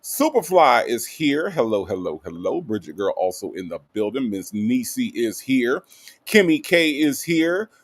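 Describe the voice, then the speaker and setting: A man's voice: medium pitch, sing-song, unhurried, no room sound. A man from the American South, hosting a livestream in a casual, upbeat way and greeting viewers by name with playful asides. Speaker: livestream host. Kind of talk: casual chat reading live comments.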